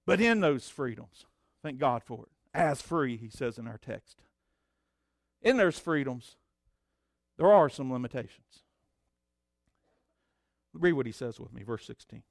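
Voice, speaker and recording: A man preaching a sermon as pastor, swinging between loud emphatic declarations and low conversational asides. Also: animated, a little slow, vocal fry, pauses often, no room sound, studio quality.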